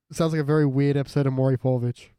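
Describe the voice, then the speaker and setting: A man's voice: mid-range voice, dark tone, smooth, no echo, clean studio sound. A man guesting on a podcast, chatting casually and riffing on jokes with frequent giggles. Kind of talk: casual comedic chat.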